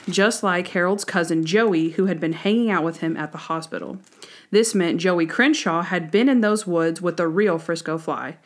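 Woman, podcast co-host, casual TV recap, animated, laughs a lot. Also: on the low side. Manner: animated, laughs often, acts out quotes. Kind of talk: casual chat recapping a TV episode.

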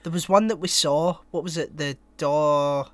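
A man chatting on a podcast in a voice pitched a little above most men's. He cracks self-deprecating jokes and swears casually, and his throat is sore and prone to coughing fits. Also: a little slow, dry recording. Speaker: podcast co-host. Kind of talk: casual chat.

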